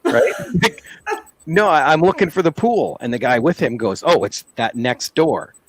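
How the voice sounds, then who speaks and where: Easygoing man with a lively voice. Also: on the high side, normal speed, slightly rough, poor audio. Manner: laughing, easygoing anecdote teller. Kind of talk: casual podcast chat.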